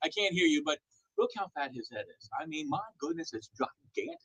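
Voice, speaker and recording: Older man with a lively, blunt voice. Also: fairly high pitch, a little fast. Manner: gruff, blunt teasing. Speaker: morning show co-host. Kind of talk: casual studio banter. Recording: dull lo-fi sound.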